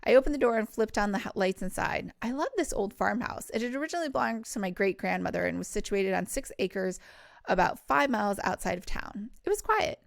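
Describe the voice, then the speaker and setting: A woman's voice: medium pitch, animated, fairly quick, vocal fry, dry recording, studio quality. A woman hosting a podcast, reading a cozy novel aloud and breaking off for casual, laughing asides. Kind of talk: storybook read-aloud with chatty asides.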